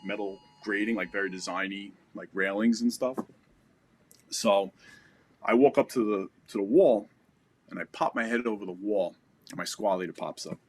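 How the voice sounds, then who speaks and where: American man recounting combat, animated. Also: lowish voice. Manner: animated storytelling with sound effects. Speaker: podcast guest. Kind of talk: casual war story.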